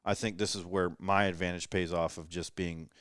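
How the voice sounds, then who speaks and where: A man in his thirties with a low voice tells self-deprecating stories in a relaxed late-night chat. The sound is close and dry, as if recorded around a table in a rental house. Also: normal speed, no room sound. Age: 30s. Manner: self-deprecating storyteller, joking. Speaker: podcast guest shooter. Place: rental house living room.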